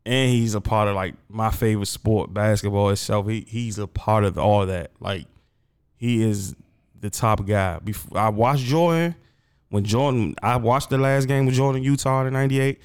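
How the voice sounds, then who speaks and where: A man's voice: fairly low pitch, normal speed, clean tone. A grieving man in casual conversation, rambling emotionally and repeating himself, often trailing off and starting over. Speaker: guest.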